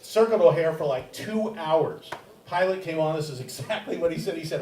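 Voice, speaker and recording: A man's voice: on the high side, lively intonation, a little slow, long pauses. An older man doing stand-up comedy as the emcee and teacher, with a wry, self-deprecating, crowd-teasing delivery. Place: comedy theater stage with a live audience. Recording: roomy, distant live-stage recording with audience noise.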